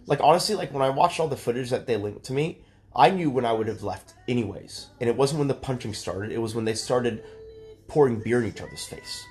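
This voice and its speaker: A man's voice: medium pitch, animated, fairly quick, a little mellow, faint music behind. A man in his thirties arguing heatedly on a livestream, lecturing and exasperated, swearing often. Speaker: streamer.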